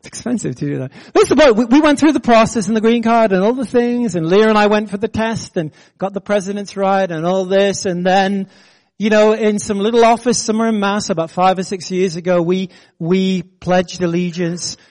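Animated British preacher, high voice. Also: male voice, fairly quick. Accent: British English. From Britain. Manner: animated preaching with self-deprecating jokes and laughter. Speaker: pastor. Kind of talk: sermon.

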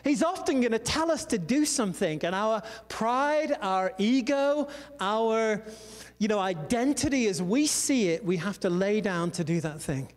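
A male pastor with a high-pitched voice delivers a sermon like he's telling a story over coffee, stopping for loose asides. His voice rings out with a long reverb trail, as if he's in a big church hall. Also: lively intonation, unhurried. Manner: conversational storytelling with many asides.

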